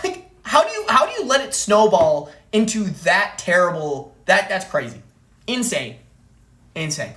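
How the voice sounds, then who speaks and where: Ranting woman streamer, lively pitch. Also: unhurried, roomy sound. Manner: angry, profane ranting with repeated phrases. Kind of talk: ranting live-stream story.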